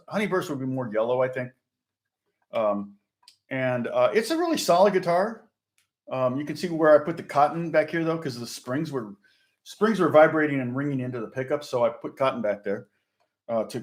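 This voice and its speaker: A middle-aged man from Indiana, a guitar teacher rambling through a casual lesson chat, chuckling and restarting often. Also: mid-range voice. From Indiana, USA.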